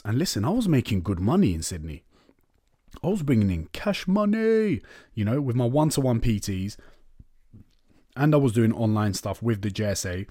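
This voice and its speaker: A man's voice: on the low side, darkish tone, dry recording, clean studio sound. Candid young man. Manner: candid and chatty, swears and says "innit, man". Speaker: podcast host. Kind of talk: casual storytelling monologue.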